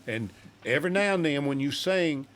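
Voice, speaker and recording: Older guy telling a story, lively, does the voices of the people in it. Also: on the high side, normal speed. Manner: animated, acts out quoted voices. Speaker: guest singer. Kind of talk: storytelling in a studio chat.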